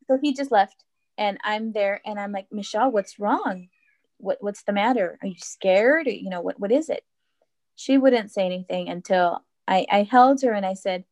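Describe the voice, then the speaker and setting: A woman's voice: medium pitch, normal speed, a little mellow. Earnest mother telling a story, faith-minded. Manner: earnest, reflective, with frequent fillers and restarts. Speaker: podcast guest. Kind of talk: casual conversational storytelling.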